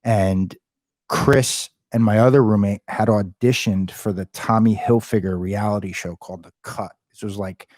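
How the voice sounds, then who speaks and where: A man's voice: lowish voice, moderate pace, dry recording, studio quality. A man, a podcast guest, telling a long personal story in casual talk, swearing a lot and acting out what people said. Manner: animated, swearing, acts out quoted dialogue.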